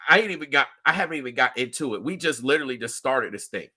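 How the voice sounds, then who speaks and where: Guy hosting a live stream, talks right at the viewers, emphatic and repeats stuff, crisp bright tone. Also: medium pitch, expressive, fast. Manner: emphatic, earnest, repeats himself. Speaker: livestream host. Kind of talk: livestream commentary.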